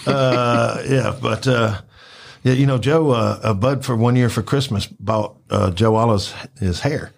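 A man's voice: mid-range voice, a little slow, creaky. A man telling rambling stories in casual chat, full of fillers and acted-out quotes. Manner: rambling, animated, acts out quotes with filler words. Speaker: storyteller recalling work at a club.

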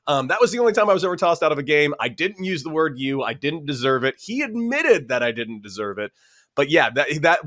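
A man's voice: on the high side, fairly bright tone. A man, a former baseball player, telling stories in casual chat and acting out both sides of arguments.

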